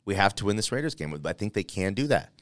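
A man hosting a casual sports talk show, debating playoff chances in an animated, playful way and thinking out loud. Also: lowish voice, fast talker, no room sound, clean studio sound.

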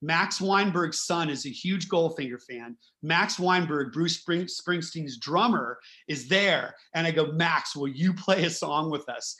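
A man, a guest musician, telling an excitable, profane story in casual chat. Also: on the high side, measured pace, few pauses.

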